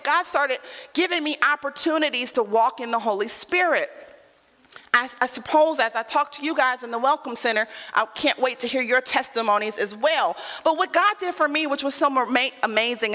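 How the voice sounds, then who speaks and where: High, bright-voiced woman preaching in a reverberant hall. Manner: preaching with rising calls and repeated lines, then dropping into storytelling. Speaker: pastor. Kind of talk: sermon.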